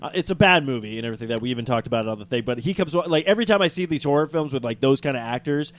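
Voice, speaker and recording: Brief: podcast co-host, man, rapid and excitable, acts out reactions, cusses a lot. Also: mid-range voice. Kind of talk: casual chat.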